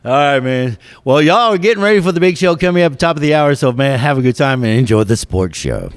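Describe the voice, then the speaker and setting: A man's voice: medium pitch, very animated, fairly quick, no echo. A man hosting a casual talk show, rambling through stories and laughing often. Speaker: host. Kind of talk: casual radio-style show chat.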